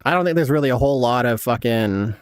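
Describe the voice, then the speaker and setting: A man's voice: mid-range voice, expressive, fast, smooth, dry recording. A man in his thirties giving casual, laid-back gameplay commentary as a streamer, swearing a lot and laughing often. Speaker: game streamer.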